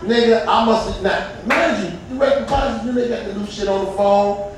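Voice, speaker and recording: A male stand-up comedian telling a loud, profane story with bursts of shouting. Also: high-pitched, a little fast, a little hiss or hum. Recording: echoey room, distant mic.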